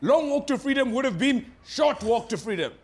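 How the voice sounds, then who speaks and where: A cheeky South African correspondent. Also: male voice, very high voice, animated, normal speed, breathy edge, full character voice. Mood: wry. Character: cheeky male correspondent, mock-serious and provocative. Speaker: comic playing a foreign correspondent. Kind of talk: satirical news sketch.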